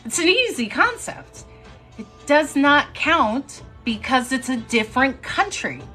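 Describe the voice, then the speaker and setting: Young woman, lively casual storyteller, higher voice, light music underneath. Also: unhurried. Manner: chatty, animated, breaks into laughs. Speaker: storyteller on a live stream. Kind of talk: casual storytelling to a live audience.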